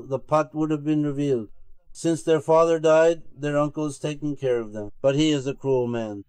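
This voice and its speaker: Male sheikh, sermon storyteller, middle pitch, dry close sound. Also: moderate pace, darkish tone, clear, resonant tone, no echo. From Turkey. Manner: retells a tale with many "he says" tags. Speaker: sheikh preaching to his circle.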